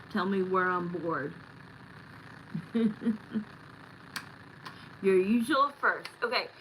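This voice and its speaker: A woman's voice: medium pitch, fairly bright tone, slight background noise, low-quality recording. A middle-aged woman hosting a live tarot stream, chatting casually and bluntly with viewers and swearing now and then.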